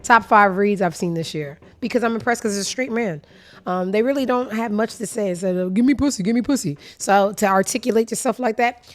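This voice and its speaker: A woman hosting a casual commentary show, sassy, blunt and profane, speaking. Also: medium pitch. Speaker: host.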